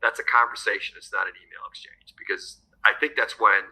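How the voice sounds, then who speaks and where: A man's voice: fairly low pitch, steady tone, sharp tone, low-quality recording. A man co-hosting a business podcast, reflecting on his own work habits. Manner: fast, reflective, shares personal practices. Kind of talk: podcast conversation.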